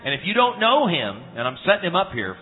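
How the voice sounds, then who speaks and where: A man's voice: high voice, wildly swooping pitch, fast, slight background noise. A man preaching at a church conference, earnest and humorous, telling homespun stories with frequent restarts. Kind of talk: sermon with anecdotes. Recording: tinny phone-like sound in a reverberant hall.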